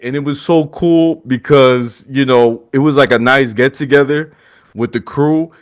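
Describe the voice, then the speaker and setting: A man's voice: medium pitch, normal speed. A young man hosting a podcast, telling a story casually, acting out quotes and often laughing. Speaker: podcast host.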